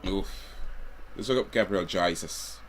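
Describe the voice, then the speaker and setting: Deep-voiced man chatting casually. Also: measured pace. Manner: relaxed, rambling, chuckling asides. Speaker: livestreamer. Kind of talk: casual live watch-along chat.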